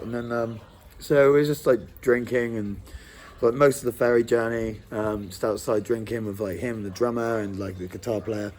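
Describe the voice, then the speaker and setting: A man's voice: mid-range voice, fairly even intonation, normal speed, a little mellow. Casting: man, tribute band musician, easygoing rambling storyteller. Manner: rambling, lots of likes and ums. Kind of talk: casual anecdote.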